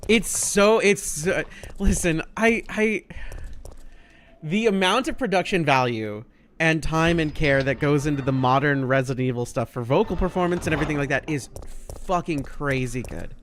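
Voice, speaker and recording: A man's voice: fairly high pitch, normal speed, fairly bright tone, slight background noise. A man streaming a video game, joking, swearing and laughing often as he comments. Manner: jokey, laughs a lot, swears, voice jumps around. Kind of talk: casual gameplay commentary.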